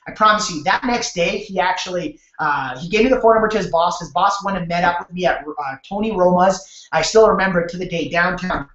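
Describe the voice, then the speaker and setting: A man from Canada hosting a sales webinar over a video call, telling his story in an energetic, repetitive way and talking straight to his audience. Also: high voice, a little fast. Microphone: webcam or computer mic on a video call. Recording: roomy, dull lo-fi webcam audio.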